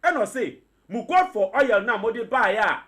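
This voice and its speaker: A man's voice: high voice, lively intonation, normal speed, fairly bright tone. A man with a Ghanaian accent arguing insistently as a panelist in a heated radio debate, mixing English, Pidgin and Twi.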